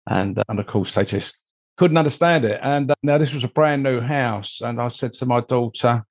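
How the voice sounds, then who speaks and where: Older man, rambling anecdotal storytelling, interview guest, mid-pitched voice. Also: moderate pace. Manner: rambling, anecdotal, frequent "you know" asides. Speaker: interview guest, mold investigator. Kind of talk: conversational storytelling.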